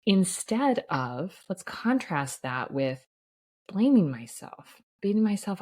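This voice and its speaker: A woman's voice: medium pitch, sing-song, slow pace, darkish tone. A woman hosting a solo podcast as a life coach for physicians, talking earnestly and reflectively, often checking in with "right?" and laughing lightly mid-sentence.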